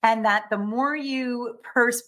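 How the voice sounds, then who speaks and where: A woman guest on a podcast, an executive coach, chatting in a lively, animated way with frequent restarts. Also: a little high, slow pace. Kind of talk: casual conversational interview.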